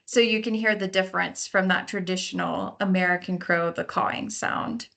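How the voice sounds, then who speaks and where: Her voice is on the low side and gravelly, a bit bright, with fairly even intonation and a moderate pace. A park naturalist, she gives a friendly lecture on recognizing birds by their sounds and occasionally imitates calls.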